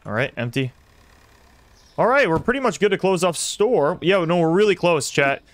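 A young man streaming a simulator game, commenting excitedly and talking to his chat as he plays. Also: high voice, moderate pace, no room sound. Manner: excitable, talks to chat while playing. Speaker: gaming streamer. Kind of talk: live gameplay commentary.

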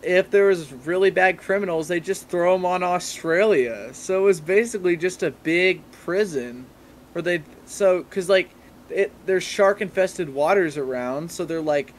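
A man's voice: high voice, a little slow, slight background noise. A young man as a podcast guest, telling travel stories in a rambling, casual way full of fillers. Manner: rambling, filler-heavy storytelling. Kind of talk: casual chat.

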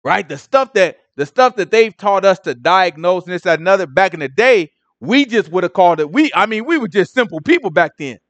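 A man leading a casual Bible study, animated and conversational, full of asides. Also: sits high, a little fast, hardly any pauses, no room sound, muffled recording.

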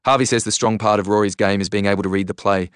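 A man's voice: lowish voice, steady tone, fast talker, smooth, no echo, clean studio sound, natural voice. A man voicing an eager, hopeful middle-aged father in an audiobook. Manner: eager, upbeat, pressing on.

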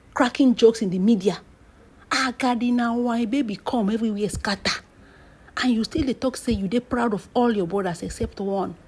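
A woman's voice: medium pitch, a little mellow, breathy edge. A woman with a Nigerian Pidgin English accent telling celebrity gossip as a dramatic story, stretching out phrases, dropping into whispered asides and bursting into exclamations.

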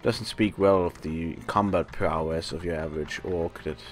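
A man's voice: deep voice, fairly even intonation, normal speed, faint music behind. A man giving live gameplay commentary as a let's play host, sarcastic and rambling, talking to the monsters on screen. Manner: rambling, thinks aloud.

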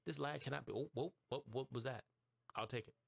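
Excitable man streaming a game live. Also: medium pitch, fairly quick, vocal fry, breathy edge, dry recording, studio quality. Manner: excitable, talks back to the game, trash-talking; bursts into shouts and squeals when surprised. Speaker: gaming streamer host. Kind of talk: live gameplay commentary.

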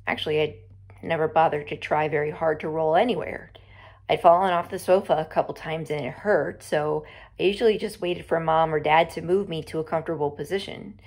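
A woman reading a novel aloud to her students, slow and expressive, dropping to a whisper at times. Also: fairly low pitch, slightly rough. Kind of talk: storybook read-aloud.

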